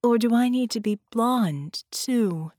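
A woman's voice: on the high side, slow pace, darkish tone, no room sound, clean studio sound, voice pushed up. A woman voicing a manipulative female shapeshifter in an audiobook, with a mocking, teasing delivery. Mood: taunting.

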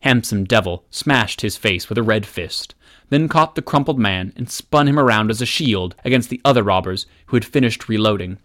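A man narrating an action story aloud as an audiobook reader, in a steady, measured way. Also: fairly low pitch. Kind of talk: scripted narration.

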